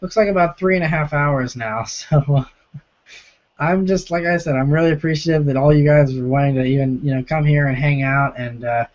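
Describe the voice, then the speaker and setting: A hoarse young man with a sore, rough throat hosts a casual live-stream Q&A from home, reading out viewer comments and answering them as he chats. His voice is a little high and brisk, and the stream audio is lo-fi.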